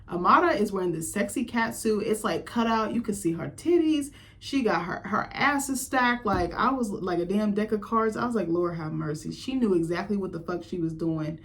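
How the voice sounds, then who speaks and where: A woman hosting a casual reality TV recap, gossiping bluntly and swearing freely, with frequent laughs and quick jumps up in pitch when she is amused. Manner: blunt, profane, gossipy commentary with quoted reactions. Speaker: recap host.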